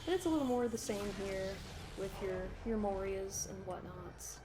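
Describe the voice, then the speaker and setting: A woman's voice: mid-range voice, animated, normal speed, background noise. A woman giving casual, rambling, sarcastic commentary over a video game playthrough, laughing often. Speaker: let's play commentator.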